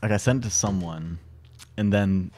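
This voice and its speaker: A young man from Washington State, a podcast guest in casual chat, telling animated stories and laughing often. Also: low voice, moderate pace.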